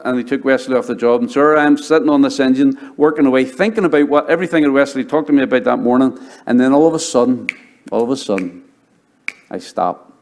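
A middle-aged man preaching from the pulpit in a warm, mellow voice. He tells his own story with easy storytelling and falls quiet and soft when he quotes people. His pitch sits in the middle range for a man. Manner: storytelling, drops to a hushed voice for quoted dialogue. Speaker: pastor. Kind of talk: sermon with personal testimony.

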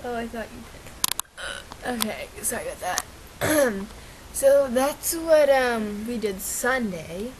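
A woman's voice: a little high, expressive, slow pace, slight background noise, low-quality recording. Chatty girl vlogger, rambling. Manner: rambling, self-correcting, giggly. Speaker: vlogger, twin sister. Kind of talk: casual chat to camera.

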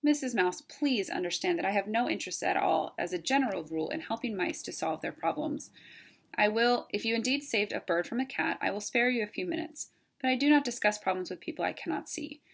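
In a storybook read-aloud, a woman voices a stern, formal old male owl, speaking in a measured, formal manner. Her medium-pitched delivery is expressive, gravelly, and husky.

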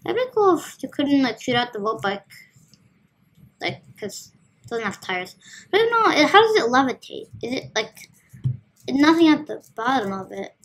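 Female gamer host, casual running commentary, playful and chatty, slightly high voice. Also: big pitch swings, normal speed, long pauses. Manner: chatty, playful, talks to herself while playing. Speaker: gaming video host.

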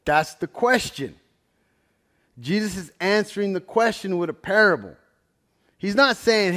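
A man's voice: high voice, normal speed. A man leading a Bible study, telling stories in a casual, conversational sermon style and often checking in with "right?". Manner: conversational, keeps asking "right?"; animated, swings loud and soft.

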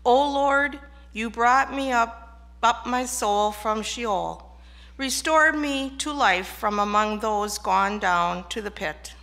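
A woman serving as lay reader, reading a psalm aloud in a measured, deliberate way during a church service. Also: on the high side, creaky, fairly bright tone. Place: church sanctuary.

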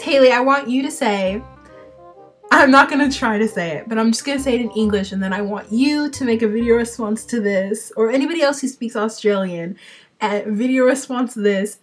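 A woman's voice: fairly high pitch, a little fast, faint music behind. Bubbly young vlogger woman. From Portland, Oregon, US. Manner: bubbly, giggly, cheeky. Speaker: daily vlogger. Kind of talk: casual chat.

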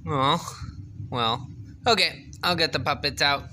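A father in a casual home video, gently coaxing his baby to talk with sing-song questions. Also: fairly high pitch, unhurried, a little hiss or hum.

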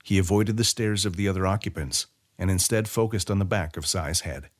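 A man narrating a fantasy short story as an audiobook reader, in an expressive storytelling way. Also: low voice, fairly quick.

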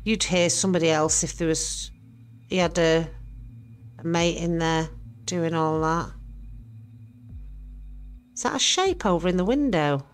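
A woman's voice: on the low side, unhurried, long pauses, clear, resonant tone. A woman reacting to a ghost hunt video, jittery, exclaiming and swearing, rambling when nervous.

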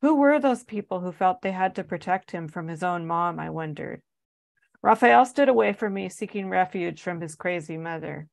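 A woman with a lowish voice and a gravelly, fry-edged texture reads from her memoir. She delivers it earnestly and with strong emotion. The sound is close and dry. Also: lively intonation, normal speed, no room sound. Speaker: author reading her own work. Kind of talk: reading a memoir aloud.

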